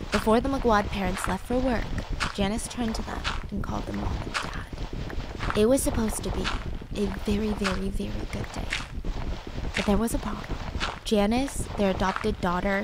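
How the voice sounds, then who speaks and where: Young female storyteller, casual and animated, some background noise. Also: medium pitch. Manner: chatty, animated, acts out quotes. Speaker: storytelling video host.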